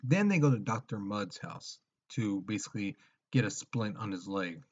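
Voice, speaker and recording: A man's voice: fairly low pitch, expressive, moderate pace, a little mellow, slightly rough. A man teaching history in a casual lecture, retelling events with acted-out quotes and frequent check-ins. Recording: dull lo-fi recording.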